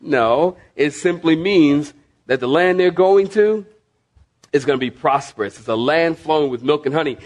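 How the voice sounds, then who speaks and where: A man's voice: on the high side, expressive, normal speed, darkish tone. A male pastor preaching a sermon, repeating key phrases and calling on the congregation to respond. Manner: calls on listeners to respond and mark their bibles.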